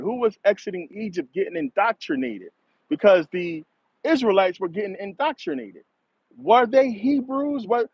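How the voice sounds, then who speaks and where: A man hosts a casual monologue, rambling, laughing often and cursing a lot. His voice sits high and is slightly rough, with no room sound. The recording is dry, dull and slightly lo-fi.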